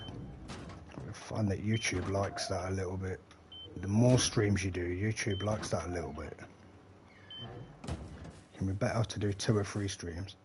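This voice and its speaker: A man's voice: low voice, noisy background. A middle-aged man, chatting loosely and swearing while he plays a game on a live stream and answers his chat. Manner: rambling and chatty, swears freely, talks to the chat.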